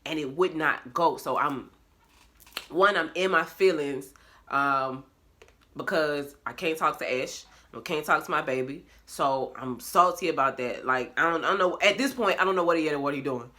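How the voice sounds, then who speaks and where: A woman's voice: sits low, normal speed, bright, forceful tone. A young woman, talking candidly in a casual confessional vlog, swearing freely and laughing often. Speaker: vlogger. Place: bedroom at home.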